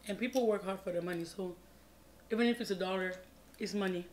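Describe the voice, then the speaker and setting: A woman's voice: medium pitch, fast. A woman from Cameroon hosting a casual mukbang storytime vlog, chatty and repeating her pleas, mumbling between bites. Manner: chatty, repeats pleading words, mumbles while eating. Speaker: vlogger.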